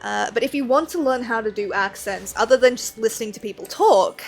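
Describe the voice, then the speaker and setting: A woman chats casually while she streams a game, rambling from topic to topic with plenty of fillers. Her voice sits fairly high, and faint game music plays beneath it. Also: brisk, gravelly. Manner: rambling, chatty, self-deprecating with many fillers. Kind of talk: casual chat while playing.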